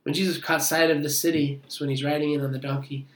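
A man's voice: on the high side, flat delivery, fast talker, echoey room, low-quality recording. A man preaching a sermon, reading scripture aloud and explaining it with earnest asides. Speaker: pastor.

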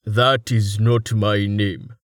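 A man gives voice to a towering antlered being in a storybook reading. He rumbles out his words slowly and formally, calm and deliberate. The sound is dry and close. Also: no echo. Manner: slow, rumbling, formal speech.

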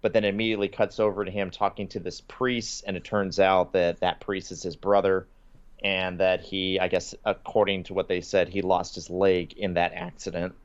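Here the podcast co-host has a low-pitched voice, keeps a level tone, and speaks at normal speed. He chats casually, recounting cartoon scenes and quoting lines between small laughs, captured in slightly dull lo-fi audio.

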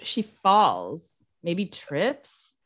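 Woman co-host, slow lively speech, dry close sound, wry asides with casual swearing. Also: fairly low pitch, dry recording. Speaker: podcast co-host. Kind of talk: casual movie recap chat.

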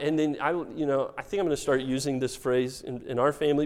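A man preaching a sermon as pastor, telling stories with wry humor in an animated way. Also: medium pitch, fast talker, hardly any pauses.

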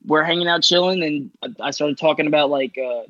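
A man's voice: a little high, brisk, a bit bright, no echo, dull audio. A man from Long Island chatting loosely as a podcast guest, rambling with lots of filler and the odd swear word. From Long Island, New York. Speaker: guest, artist. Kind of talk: casual podcast chat.

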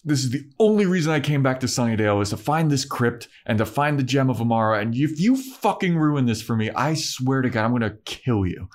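A man's voice: medium pitch, expressive, brisk, few pauses, voice pushed up, lightly acted. A man doing a snarling foul-mouthed vampire. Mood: angry. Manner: snarling, profane threats. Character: menacing hot-tempered male vampire, foul-mouthed. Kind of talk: comedic recap impression.

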